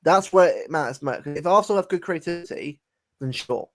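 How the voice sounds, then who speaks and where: Casual podcast co-host, male, slightly higher voice, rambling and repetitive delivery. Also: animated, brisk, soft background music. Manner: rambling, repeats words and says mate often. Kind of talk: casual football chat.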